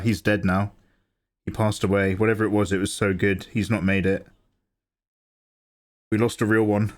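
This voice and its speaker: A man's voice: on the low side, little pitch movement, moderate pace, pauses often. A young man hosting a live drawing stream, chatting casually and joking with viewers. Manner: chatty, jokey, laughs often. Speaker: livestream host. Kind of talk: casual chat while drawing.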